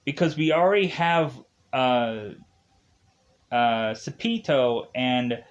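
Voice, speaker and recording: A man's voice: medium pitch, animated, takes it slowly, dull audio. A man reviewing a film in a casual, rambling way. He fills gaps with "uh" and "of course" and chuckles at his own jokes.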